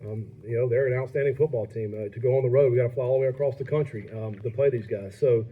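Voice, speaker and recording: Fast-talking football coach at a press conference. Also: male voice, mid-range voice, breathy edge, phone-quality sound. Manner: upbeat, halting, filler-heavy answers.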